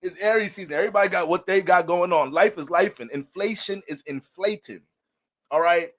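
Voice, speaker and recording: A man's voice: high-pitched, fairly quick. A man talking as an astrologer in a casual, profane and joking monologue.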